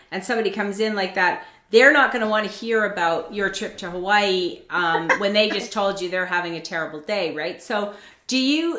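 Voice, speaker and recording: A woman's voice: mid-range voice, a bit bright. Chatty woman host in an echoey room. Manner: chatty, acts out quoted voices in dialogue. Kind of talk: casual conversational interview.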